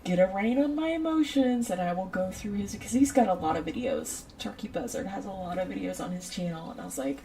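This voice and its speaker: A woman's voice: mid-range voice, expressive, a little fast, gravelly, hardly any pauses, warm tone, recorded from a distance, a little hiss or hum, low-quality recording. A woman chatting casually on a livestream, rambling off on tangents and talking straight to her viewers. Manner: talks straight to chat viewers. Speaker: streamer.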